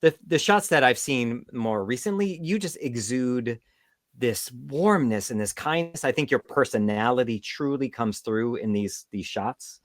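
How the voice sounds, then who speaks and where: A man's voice: mid-range voice, measured pace, dry recording, studio quality. A man hosting an interview podcast, chatty and self-deprecating in casual conversation. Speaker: podcast host.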